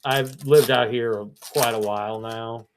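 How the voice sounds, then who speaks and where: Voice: medium pitch, fairly even intonation, unhurried, a little hiss or hum. A card seller from Missouri, hosting a live-stream card break and rattling off player names with chatty, self-correcting asides.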